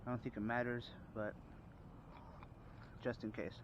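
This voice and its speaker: A man's voice: mid-range voice, level tone, a little slow. Man, casual DIY car repair vlogger, rambling and informal, outdoor noise, muffled phone audio. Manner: rambling, informal, with frequent fillers and restarts. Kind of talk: casual how-to narration. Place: outdoors working under a car at night.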